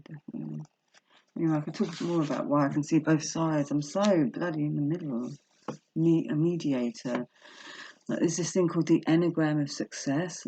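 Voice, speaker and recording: A woman's voice: low voice, vocal fry, dark tone, slightly rough, highs cut off. A woman vlogging from home, reading a self-help book aloud and then rambling emotionally about her life. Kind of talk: casual personal vlog with book reading. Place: indoors at home. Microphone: laptop webcam.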